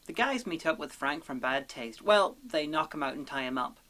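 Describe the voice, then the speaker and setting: A woman narrating a comedic film review in a sarcastic, deadpan, profane manner. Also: sits low, moderate pace, few pauses.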